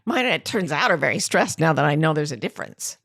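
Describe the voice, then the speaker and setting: A woman's voice: low-pitched, fast talker, gravelly, dry recording, clean studio sound. A middle-aged woman co-hosting a podcast in casual chat, telling stories with frequent laughter. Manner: laughing, animated storytelling. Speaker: podcast co-host.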